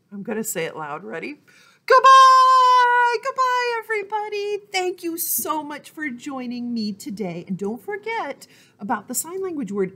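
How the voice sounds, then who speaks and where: A woman's voice: fairly high pitch, darkish tone, breathy edge. A woman leading a library storytime lesson for toddlers, talking in a cheerful sing-song way. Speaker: children's librarian.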